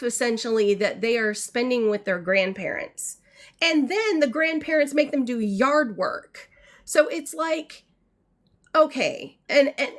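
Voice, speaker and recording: A woman's voice: a little high, a bit bright. Frustrated mother venting on a livestream. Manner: frustrated, indignant, rambling with fillers. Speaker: mother telling a family story. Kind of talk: casual storytelling to viewers. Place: home art studio. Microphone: livestream mic.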